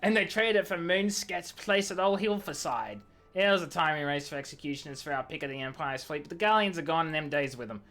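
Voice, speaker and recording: A man voicing a gruff, weathered female pirate who misses the old days, in folksy sailor talk. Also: on the high side, brisk, fairly bright tone, soft background music, natural voice. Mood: shrewd. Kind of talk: reading game dialogue aloud in a put-on voice.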